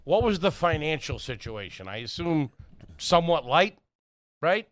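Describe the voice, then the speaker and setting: Brief: male podcast host, casual and bouncy, very lively pitch, dry close mic. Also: moderate pace, dry recording. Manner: casual, asks loose follow-up questions.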